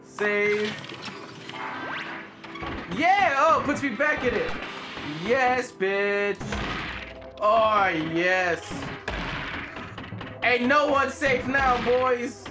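Excitable, foul-mouthed gamer, slow talk. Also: medium pitch. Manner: excitable, playful, swears freely. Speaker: let's play gamer. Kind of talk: casual gameplay commentary. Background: game music.

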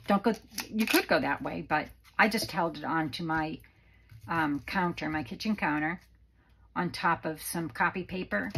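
A woman's voice: lowish voice, creaky, a little hiss or hum, low-quality recording. A woman hosting a casual craft tutorial from her home craft room, chatty and rambling with many fillers, a little out of breath. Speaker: craft channel host.

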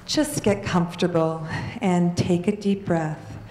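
A woman leading a guided meditation in a gentle, soothing way. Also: fairly low pitch, steady tone, slow, slight background noise. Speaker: meditation leader. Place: large hall. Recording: echoey hall reverb.

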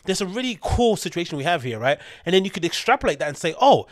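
A man's voice: sits high, sing-song, fast, no echo, clean studio sound. A man with a British accent, hosting a rambling solo podcast with opinionated commentary full of fillers and digressions. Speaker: podcast host.

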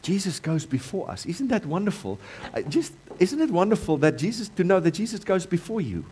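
The pastor's voice is high-pitched and sing-song, his pace brisk, and there's a little hiss or hum in the recording. He preaches a church sermon in a South African accent, repeating core phrases while swinging from loud to quiet.

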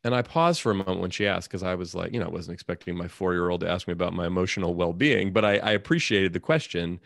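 Earnest deep-voiced man telling a story. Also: quick pace, vocal fry, no room sound, clean studio sound. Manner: earnest, reflective storytelling, acts out dialogue. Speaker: guest, author and speaker. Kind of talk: storytelling in a podcast interview.

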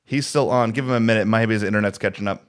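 A man's voice: lowish voice, quick pace. Male co-host, casual chat, rambling restarts, video-call mic. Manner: rambling, full of restarts and fillers. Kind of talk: casual pop culture chat.

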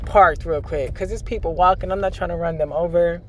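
A man's voice: a little high, fairly even intonation, brisk, a little hiss or hum. Blunt, profane man ranting on a vlog. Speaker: vlogger. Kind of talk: casual vlog monologue. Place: in a car, then a store. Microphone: phone camera.

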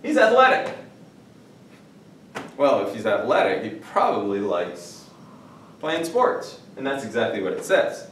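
Lively male Spanish teacher, echoey classroom. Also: fairly low pitch, a little hiss or hum. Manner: lively, jokey, stretches out Spanish words slowly. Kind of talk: classroom vocabulary lesson. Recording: echoey room, mic at a distance.

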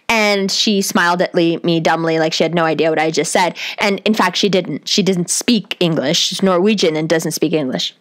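A young woman with a deep, bassy voice telling a comic personal story, profane and animated. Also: normal speed, few pauses. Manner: profane, animated, self-mocking.

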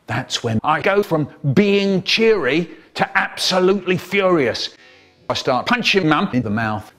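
Give me an animated male storyteller with a slightly high, lively voice. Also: moderate pace. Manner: animated, expressive performer of a children's story. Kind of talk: comic storytelling, chopped and remixed.

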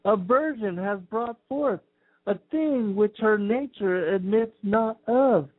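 A man reading the lines of an awestruck woman midwife in old biblical speech, slow and solemn. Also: high voice, no room sound, pitched above the performer's own voice. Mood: awed. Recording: tinny phone-like sound.

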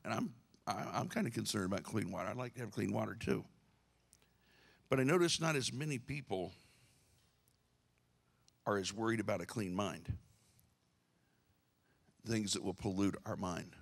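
Gravelly-voiced man preaching a folksy sermon. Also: lowish voice. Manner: folksy, joking, many restarts. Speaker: pastor. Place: church sanctuary.

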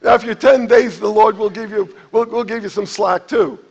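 A pastor preaching a sermon to his congregation, animated, acting out quotes with sudden jumps in pitch and loudness. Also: moderate pace, vocal fry, slightly rough, muffled recording.

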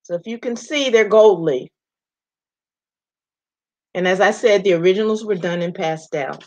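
A woman from Maryland, a visual artist, calmly explaining and presenting her prints on a livestream. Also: mid-range voice, normal speed. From Maryland, USA.

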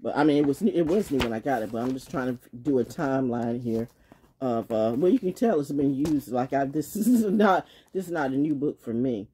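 Woman, casual vlog monologue, lively pitch, breathy voice, laughs often, swears, blunt. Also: a little fast. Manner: laughs often, swings from loud shouting to low muttering; blunt, swears, trash-talking. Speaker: vlogger.

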